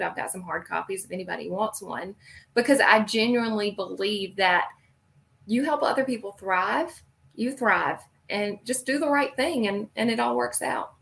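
A woman's voice: medium pitch, creaky, fairly bright tone. Female guest, Southern US accent, casual and upbeat, filler-heavy speech. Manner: casual and upbeat, many likes. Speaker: guest, practice consultant. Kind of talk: interview chat.

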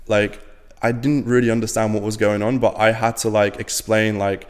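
A man's voice: fairly low pitch, level tone, moderate pace, long reverb tail. A man in his twenties from Latvia, a podcast guest talking bluntly and casually, with lots of fillers and swearing. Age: 20s. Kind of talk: casual interview talk.

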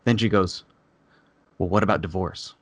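Low-voiced man telling a story. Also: moderate pace, no echo, clean studio sound. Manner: animated, swearing, acts out quoted people. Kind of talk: casual storytelling chat.

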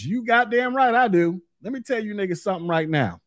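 A man's voice: high-pitched, lively intonation, a little fast, hardly any pauses, dry recording, clean studio sound. A man hosting his own opinion podcast, talking bluntly and profanely in a heated rant. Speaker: podcast host. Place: recorded in Florida.

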